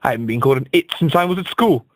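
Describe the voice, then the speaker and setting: Stammering man, lively rambling monologue. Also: medium pitch, very fast, no room sound, poor audio. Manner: rambling, stammering repeats, mock-serious. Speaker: comic radio host. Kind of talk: absurd comic monologue.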